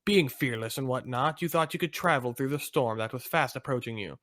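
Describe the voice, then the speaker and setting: A man's voice: mid-range voice, fairly quick, fairly bright tone, dry recording, clean studio sound. A man co-hosting a podcast, narrating a fan fiction aloud in an amused, playful way. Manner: amused, breaks into laughter between lines.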